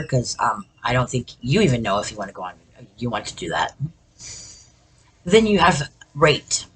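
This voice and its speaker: A woman's voice: a bass voice, big pitch swings, brisk, fairly bright tone, slightly rough. A woman giving an informal talk on speech delivery, chatty and self-deprecating, with many fillers and self-corrections.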